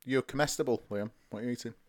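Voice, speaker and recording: A man's voice: mid-range voice, racing. A man hosting a comedic music podcast, chatting playfully and reading out song facts. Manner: playful, giggly, reads out facts. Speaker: podcast host. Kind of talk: casual comedy chat.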